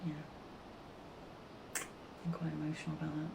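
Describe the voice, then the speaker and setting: A middle-aged British woman, the artist's mother, reminiscing fondly in a relaxed conversation, halting and restarting as she reflects. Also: sits low, vocal fry, background noise. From Britain.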